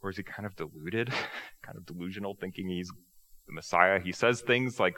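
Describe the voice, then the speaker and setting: A man preaching a sermon in a relaxed, conversational way, asking rhetorical questions and joking at his own expense. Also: sits low, moderate pace. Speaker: pastor.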